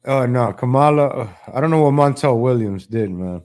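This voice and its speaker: A man's voice: mid-range voice, lively intonation, normal speed, darkish tone. A man commenting casually on a live stream, mocking and rambling with frequent restarts.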